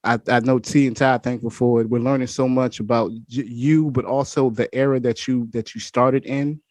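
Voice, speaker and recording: A man's voice: mid-range voice, steady tone, normal speed, no echo. A young adult man hosting a podcast interview, chatting casually and enthusiastically, often repeating his words. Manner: warm, enthusiastic, repeats himself. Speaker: podcast host.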